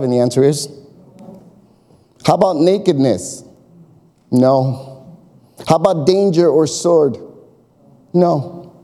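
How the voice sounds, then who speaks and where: A man's voice: fairly high pitch, mellow. A man preaching a sermon as pastor, emphatic, calling out to the congregation and whooping. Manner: emphatic, call-and-response, bursts of whoops. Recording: long reverb of a large hall.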